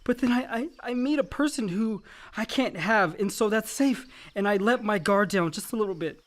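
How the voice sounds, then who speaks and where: A man's voice: high voice, moderate pace, lightly acted. An actor playing Chip, a grown son who is anguished and lonely, his voice raw and breaking in a radio drama. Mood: confessional.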